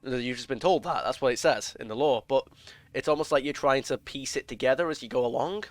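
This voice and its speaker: Here a gaming video creator talks fairly quickly in a mid-range voice. His casual play-by-play wanders, packed with strong opinions, false starts and filler, and he explains everything in detail.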